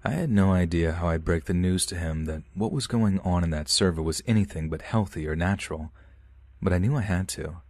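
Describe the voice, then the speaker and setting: A man reading a first-person horror story as a podcast narrator, calm and measured. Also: sits low, dry recording.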